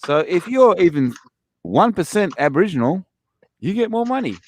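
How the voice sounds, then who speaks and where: A man chatting casually, complaining in a halting way with many fillers. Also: high-pitched, very animated, a little hiss or hum. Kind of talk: casual chat.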